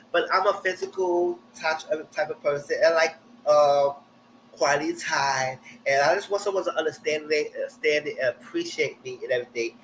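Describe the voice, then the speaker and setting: A man giving a blunt, slangy live recap of a TV show, jumping up high in pitch when he quotes people. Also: brisk, slight background noise, low-quality recording. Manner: animated, jumps high when quoting people. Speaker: TV recap streamer. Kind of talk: live casual TV recap commentary.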